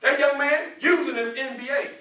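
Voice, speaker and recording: A high-voiced man with a bright, ringing tone gives a playful call-and-response talk to students. He keeps firing questions at the crowd. The sound is very echoey, picked up from far across the room. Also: moderate pace. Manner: playful, teasing, asks the audience questions and laughs often. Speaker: motivational speaker. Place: indoor room with a student audience.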